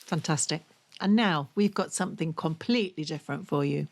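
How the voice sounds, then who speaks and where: A woman's voice: sits low, a little fast. A woman co-hosting a podcast, telling an uplifting news story with enthusiasm. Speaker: podcast co-host. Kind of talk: casual news chat.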